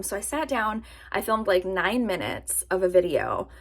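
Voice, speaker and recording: Husky-voiced woman vlogging, self-mocking. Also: mid-range voice, unhurried. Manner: animated, self-mocking, laughs at her own jokes. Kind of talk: casual chat to camera. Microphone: camera-mounted or nearby mic, sitting to film.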